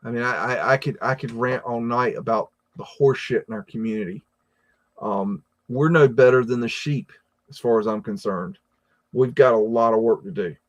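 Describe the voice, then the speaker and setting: An American man hosting a live stream, chatting casually and reading viewer comments, with a rambling, halting delivery full of repeated words and fillers. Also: medium pitch. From United States. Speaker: livestream host reading chat.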